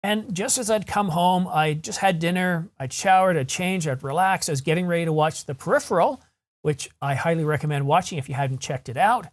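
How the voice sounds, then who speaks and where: A man's voice: on the high side, fairly quick. Guy venting on his camera news vlog, frustrated, rambly, keeps correcting himself. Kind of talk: solo vlog rant.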